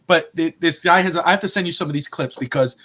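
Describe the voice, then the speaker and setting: A man co-hosting a casual sports podcast, telling stories in an animated way and acting out quotes. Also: a little high, fast talker. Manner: animated storyteller, acts out quotes, swears casually. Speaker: podcast co-host.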